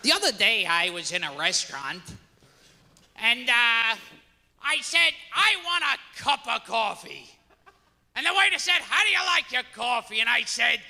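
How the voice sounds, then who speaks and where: A man doing a stand-up comedy set, shouting his lines in sudden loud bursts with a gravelly edge. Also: very high voice, very animated, unhurried. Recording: archive stand-up clip, echoey hall, background noise.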